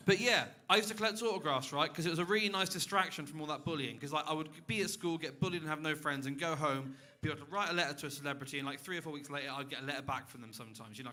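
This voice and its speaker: A man's voice: fairly high pitch, pushed and bright. A young man doing a stand-up set on a club stage, dry and self-mocking, chatting with the crowd. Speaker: stand-up comedian. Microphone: handheld stage mic.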